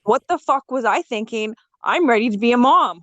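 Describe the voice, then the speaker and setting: A woman's voice: a little high, normal speed, dry recording. A young woman guest on a casual podcast, telling her story frankly and with humor, swearing freely and acting out what people said. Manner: swears freely and acts out quoted dialogue; lively, frank and joking.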